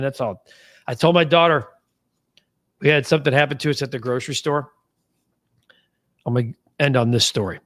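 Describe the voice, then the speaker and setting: Chatty sports-show host, higher-voiced man. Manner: upbeat and chatty, with shout-outs to viewers by name; folksy betting talk. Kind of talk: casual live-show sign-off, reading out viewer comments.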